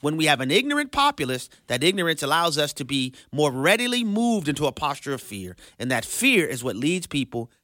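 Bright, emphatic man on Christian radio. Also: on the high side, very animated, brisk, few pauses, no room sound, studio quality. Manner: emphatic, preacherly delivery. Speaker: radio host. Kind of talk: radio fundraiser appeal.

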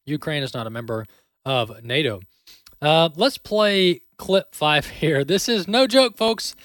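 A man hosting a talk show, giving sarcastic, animated political commentary into a close studio mic. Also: on the high side, measured pace, no echo.

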